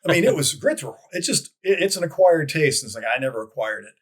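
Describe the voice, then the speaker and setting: A man telling stories as a guest in a casual interview, rambling with frequent restarts and lively quoted voices. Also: fairly high pitch, fast. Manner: rambling with many restarts, animated quoting. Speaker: guest, advertising copywriter. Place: lives in Dallas.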